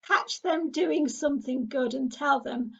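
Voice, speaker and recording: A woman's voice: high-pitched, measured pace, creaky, fairly bright tone, highs cut off. A middle-aged woman from England who leads a parenting group, talking in an earnest, encouraging way. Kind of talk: casual spoken talk.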